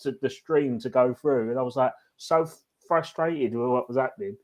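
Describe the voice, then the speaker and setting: A man, co-hosting a podcast and telling stories in an animated, excitable way. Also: medium pitch, moderate pace. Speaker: podcast co-host. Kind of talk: casual storytelling chat.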